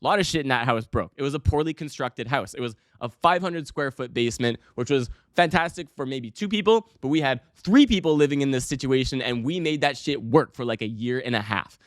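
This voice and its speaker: A young man hosting his own podcast, telling a rambling, self-mocking story in a casual, animated way with some swearing. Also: medium pitch, a little fast, hardly any pauses, dry recording, clean studio sound. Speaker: podcast host.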